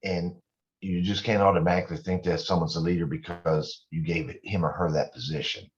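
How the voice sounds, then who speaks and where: Very low-voiced man, candid, rambling, self-deprecating, dull lo-fi audio. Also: steady tone, a little fast, slight background noise. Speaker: guest business owner. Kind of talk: casual podcast interview.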